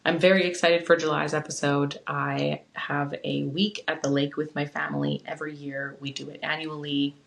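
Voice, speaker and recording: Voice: mid-range voice, little pitch movement, moderate pace, gravelly, hardly any pauses, a bit bright, low-quality recording. A young adult podcast host talking casually into a phone at home, giving an earnest, heartfelt pep talk.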